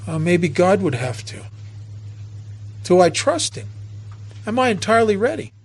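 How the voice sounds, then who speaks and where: A man's voice: high-pitched, very animated, normal speed. A man speaking at a recovery meeting, telling stories from his own life in an earnest way with many restarts. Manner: earnest, storytelling, frequent restarts. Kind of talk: personal talk at a meeting.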